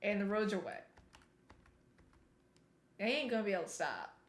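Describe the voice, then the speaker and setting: A woman streamer telling a story in a casual, animated way while she plays, now and then breaking off to remark on the game. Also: medium pitch, normal speed. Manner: chatty, animated retelling, breaks off to comment on the game. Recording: roomy echo.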